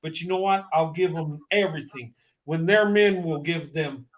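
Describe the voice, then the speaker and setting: A man's voice: on the high side, normal speed. A man in his fifties giving an emotional, emphatic personal testimony, often repeating himself. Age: 50s.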